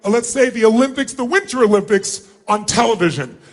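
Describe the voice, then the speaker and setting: A middle-aged man giving a motivational seminar to a large crowd in a hall, commanding and often yelling instructions. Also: very high-pitched, animated, brisk. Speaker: motivational speaker. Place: large hall with thousands of people.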